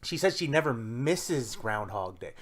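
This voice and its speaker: A man's voice: medium pitch, big pitch swings, measured pace, fairly bright tone. A man co-hosting a podcast in casual chat, rambling and restarting as he eagerly explains ideas. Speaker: podcast co-host.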